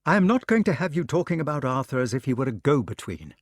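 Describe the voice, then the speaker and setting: A proud queen with a quick temper, lifted high and lively, as a male narrator puts her on. Her talk turns sharp and scolding, in a storybook reading. The sound is close and dry. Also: dry recording. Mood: angry.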